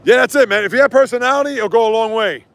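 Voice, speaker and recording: A man hosting a casual sports livestream outdoors while walking, ranting and reading chat comments in an animated way. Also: extremely high pitch, very fast.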